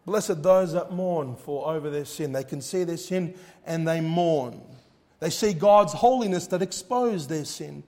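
Male preacher, high-pitched, fervent sermon delivery, hushed-to-loud swings. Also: a little slow. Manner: reads scripture in old-fashioned wording.

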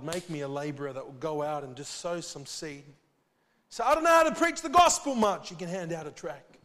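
A man preaching a sermon, earnest and urgent, with sudden loud swells and soft drops. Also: a little high, in a large hall.

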